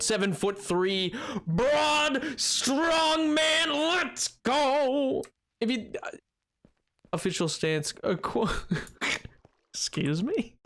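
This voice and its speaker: A man's voice: sits high, animated, slow, pauses often, a bit bright, soft background music. A young man live-streaming a building game, rambling casually to his chat and joking at his own expense. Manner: rambling, self-mocking, talks to chat.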